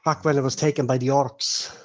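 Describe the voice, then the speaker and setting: A man's voice: medium pitch, little pitch movement, brisk, natural voice. A man doing a friendly old dwarf emissary. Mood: hearty.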